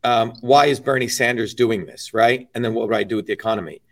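A man's voice: mid-range voice, fast talker, fairly bright tone, far from the mic. A man being interviewed, telling stories in a blunt, emphatic and profane way. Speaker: interview guest. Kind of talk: casual interview talk.

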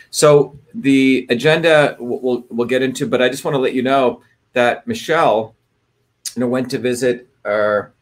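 A man hosting a livestream, reading out where viewers are from and talking casually with many fillers and restarts. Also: medium pitch. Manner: rambling, many fillers and restarts, retells stories. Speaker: livestream host.

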